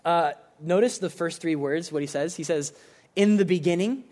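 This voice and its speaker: High-voiced young man preaching casually. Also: normal speed. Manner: animated, conversational, heavy use of "like". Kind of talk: casual youth sermon.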